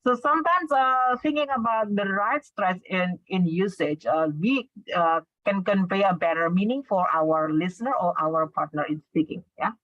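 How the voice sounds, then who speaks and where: A woman with an Indonesian accent giving an online English lesson, explaining step by step and checking in with quick tag questions. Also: medium pitch, dry recording. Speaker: English instructor. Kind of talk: online class lecture. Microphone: video call. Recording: dull lo-fi video call audio.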